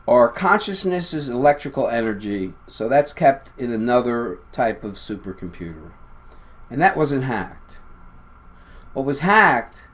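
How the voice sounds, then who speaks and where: A man hosting his own video, talking casually and insistently to viewers, with an uneven pace and shifting loudness. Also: mid-range voice. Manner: insistent, emphatic, often addressing viewers as "people". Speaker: video host. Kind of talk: casual monologue to camera.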